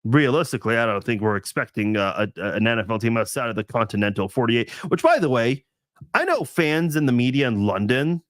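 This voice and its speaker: A man's voice: medium pitch, lively intonation, a little fast, no room sound. A man hosting a casual live stream chat, thinking aloud with lots of restarts and fillers.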